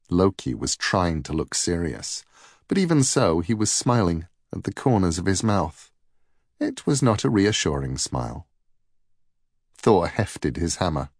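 A man narrating a myth as a storybook reading in an unhurried, expressive way. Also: low voice, breathy edge, no echo, clean studio sound.

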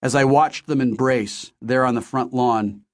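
A man reading a first-person novel aloud in a steady, measured storytelling manner. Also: medium pitch. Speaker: audiobook narrator.

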